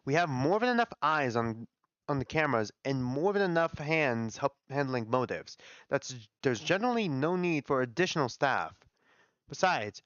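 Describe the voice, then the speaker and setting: A man's voice: mid-range voice, fairly bright tone, dry recording. A man voicing a blunt, dismissive male doctor who argues against hiring and lists his objections curtly. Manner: curt, listing objections. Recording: dull lo-fi dry audio.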